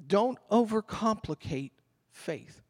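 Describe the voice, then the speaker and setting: An older man, a pastor, delivering an animated sermon that drops at times to a murmured prayer. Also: sits high, slow pace. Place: church hall. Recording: long reverb of a church hall.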